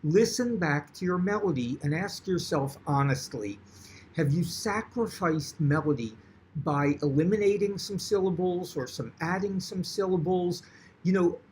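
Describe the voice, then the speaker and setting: A man teaching songwriting in a presentation, explaining patiently and breaking into short sung examples and wry jokes. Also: a little high. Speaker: songwriting instructor. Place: video presentation recorded for an online event.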